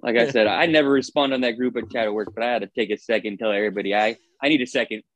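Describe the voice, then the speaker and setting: A man's voice: mid-range voice, racing, a bit bright. A man in casual chat, laughing and swearing in crude banter.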